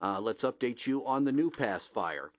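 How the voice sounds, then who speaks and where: A middle-aged man hosting a radio show, telling a story with lots of "uh" fillers, his voice jumping high when he quotes people, then reading local headlines. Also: animated, moderate pace, no room sound, studio quality. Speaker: radio host. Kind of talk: casual storytelling and local news.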